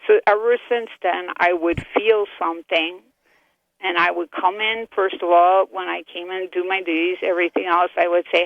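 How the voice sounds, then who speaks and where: An older woman tells a ghost story over a tinny, dry phone line, her voice gravelly and worn. She talks in a chatty, animated way, acting out every exchange. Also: on the low side, normal speed, no echo. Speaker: caller. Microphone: telephone.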